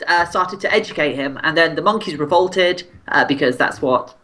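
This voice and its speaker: A man's voice: on the high side, moderate pace, sharp tone. A man co-hosting a casual gaming podcast, telling stories with enthusiasm. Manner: enthusiastic, storytelling. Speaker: podcast co-host. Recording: faint background noise.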